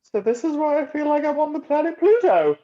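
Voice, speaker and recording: A woman's voice: sits high, lively intonation, fairly quick, dark tone, lo-fi sound. A woman reading the part of a panicking, drugged male solicitor, frantic and talking to himself in an amateur script reading. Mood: alarmed.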